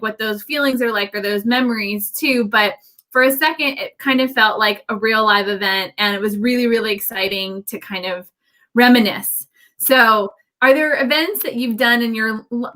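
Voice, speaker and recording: An enthusiastic woman hosts a casual interview, her questions full of filler words. Her voice is bright and sharp and sits somewhat high. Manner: enthusiastic, heavy use of "like". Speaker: host.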